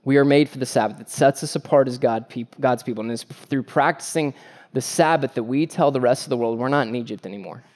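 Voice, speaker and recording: A man's voice: medium pitch, fairly quick, a little mellow. A man preaching a sermon as pastor, earnest and emphatic, with repeated phrases and joking asides about family life.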